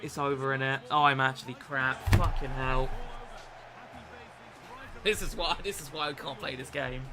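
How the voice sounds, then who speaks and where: A young British man streaming a football game, swearing, self-mocking and excitable. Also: mid-range voice, moderate pace, a crowd in the background. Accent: British English. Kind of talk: gaming live stream commentary.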